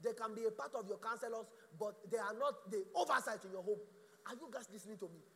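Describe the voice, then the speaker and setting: High-voiced, gravelly male preacher. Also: fast. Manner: animated, stammering restarts, rhetorical questions. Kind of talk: sermon. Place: church. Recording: echoey church hall.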